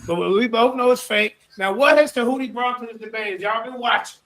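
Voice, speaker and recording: A man's voice: very high-pitched, animated, a little fast, few pauses, a bit bright, low-quality recording. A man commentating on a debate stream in a hyped, boastful, slangy manner.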